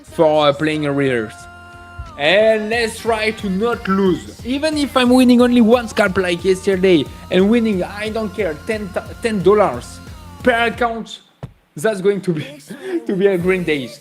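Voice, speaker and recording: A French-accented man hosts a casual live stream, joking around and greeting chat viewers by name. His voice sits high and he talks at an easy, slow pace. Soft music plays faintly behind him. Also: lively intonation. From France. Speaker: livestream trading host.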